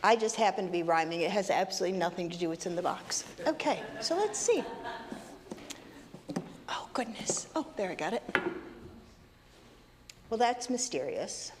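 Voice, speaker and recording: In a congregation's sanctuary, a woman minister leads a playful children's story time, teasing the kids and talking in a sing-song way. Her mid-range voice is expressive, at normal speed, with frequent pauses. The recording has long hall reverb and faint ambient noise.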